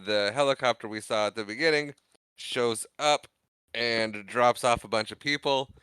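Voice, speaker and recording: A man's voice: medium pitch, normal speed, pushed and bright, clean tone, no room sound. A man co-hosting a podcast, recapping a film in casual, jokey chat. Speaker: podcast co-host.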